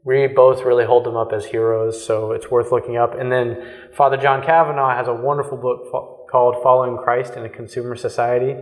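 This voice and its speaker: A male host with a mid-range voice asks questions and adds quick, friendly notes for listeners. His delivery is brisk and conversational. The room has a long reverb. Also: mid-range voice, level tone. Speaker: podcast host. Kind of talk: interview hosting.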